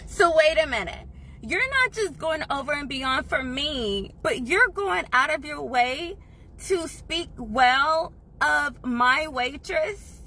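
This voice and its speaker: Bright high-voiced woman, effusive. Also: expressive, takes it slowly, slight background noise. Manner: earnest, emotional, effusive. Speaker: vlogger. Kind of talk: casual storytelling to camera.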